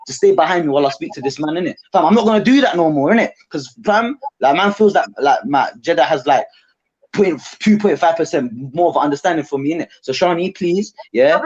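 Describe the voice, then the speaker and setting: Fast-talking man, rambling, lo-fi. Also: a little high, expressive, darkish tone. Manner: rambling, repetitive, slang-heavy. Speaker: panel guest. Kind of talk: live online panel chat.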